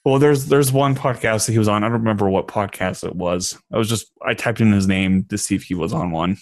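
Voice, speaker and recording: A man's voice: lowish voice, fairly quick, no echo, clean studio sound. A man hosting a podcast, talking in a laid-back, conversational way with filler words. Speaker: podcast host. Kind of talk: casual podcast interview.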